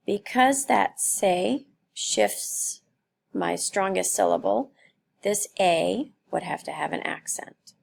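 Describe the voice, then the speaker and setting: A woman teaching a grammar lesson, explaining slowly and carefully with worked examples. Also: fairly low pitch, gravelly. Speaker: Spanish teacher.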